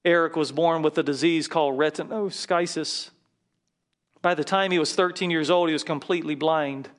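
A man's voice: a little high, steady tone, normal speed. Fervent pastor leading his congregation. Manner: leads the congregation in call-and-response, fervent. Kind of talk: sermon. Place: church with a congregation.

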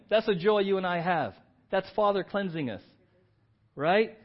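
A middle-aged man preaching a sermon as pastor, lively and building to emphatic outbursts. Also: high voice, normal speed. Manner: animated, rising to emphatic exclamations. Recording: dull lo-fi sermon audio.

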